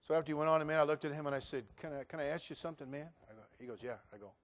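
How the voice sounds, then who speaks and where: High-voiced man preaching a sermon. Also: rapid-fire. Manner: preachy, swings from quiet storytelling to loud exhortation. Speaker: pastor.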